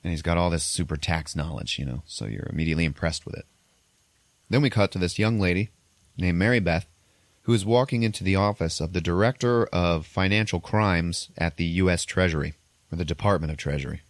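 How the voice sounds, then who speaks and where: Casting: low-voiced male podcast host, rambling casual recap, dry close sound. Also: fairly quick, dry recording. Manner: rambling, filler-heavy retelling. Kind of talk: casual chat, recapping a movie.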